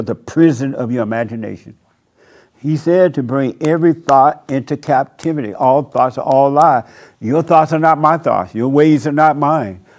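A man pastor preaching a sermon at a church service, with slow, emphatic, drawn-out phrasing. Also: fairly high pitch, a little mellow.

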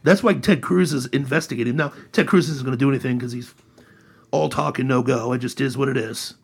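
A man hosting a casual political chat podcast, sarcastic and animated. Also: mid-range voice, fairly quick, vocal fry, breathy edge. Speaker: podcast host.

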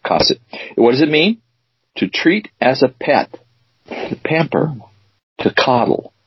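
A man co-hosting a casual chat show, teasing his co-host and reading word definitions out slowly. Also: mid-range voice, big pitch swings, slightly rough, no room sound. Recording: dull dry lo-fi recording.

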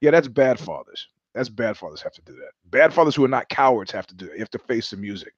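A man's voice: mid-range voice, very animated, fast, dry recording. Middle-aged man, show host, profane, sardonic storytelling, dry close sound, a bit muffled. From New York. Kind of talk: live-streamed monologue.

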